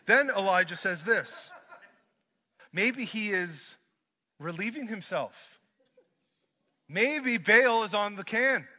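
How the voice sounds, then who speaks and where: A man preaching a sermon, swinging from hushed lines to loud ones and mixing in joking asides. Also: a little high. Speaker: pastor. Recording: dull lo-fi sermon recording.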